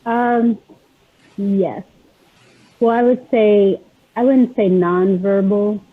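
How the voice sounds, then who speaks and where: A woman guest speaker explaining autism advocacy on a video call, halting with many pauses and fillers. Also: mid-range voice, steady tone. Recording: tinny phone-like call audio.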